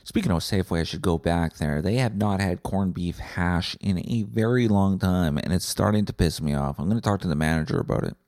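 Profane man ranting low. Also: a little fast, hardly any pauses, a little mellow, dry recording, clean studio sound. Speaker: podcast host. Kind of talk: comedic rant monologue.

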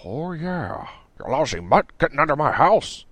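A man voicing a hot-headed, paranoid young man who shouts and blusters. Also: a little high, very animated, normal speed, no room sound, voice pushed up. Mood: grumbling.

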